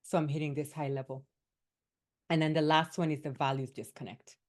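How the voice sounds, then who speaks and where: Emphatic woman coach with a lowish voice. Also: fairly quick. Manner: lively and emphatic, often tagging points with "right?". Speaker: wellness coach. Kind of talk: workshop talk to doctors.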